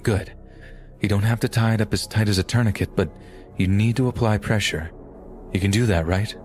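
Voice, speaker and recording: A man voicing a calm male emergency dispatcher who reassures an injured caller. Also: lowish voice, brisk, soft background music, lightly acted. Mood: urgent, reassuring. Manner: steady, reassuring, urgent.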